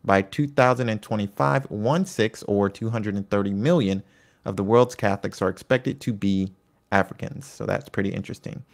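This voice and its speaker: A man with a somewhat low, gravelly voice talks through a history lesson in a relaxed, conversational way. He breaks off into asides and personal stories as he explains. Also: normal speed. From United States. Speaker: Catholic history presenter. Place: home in Virginia.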